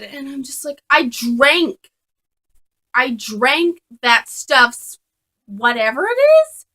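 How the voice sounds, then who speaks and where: A young woman telling a casual storytime vlog to a camera on a tripod. She talks in an animated, chatty way with lots of fillers. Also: high-pitched, takes it slowly. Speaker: vlogger.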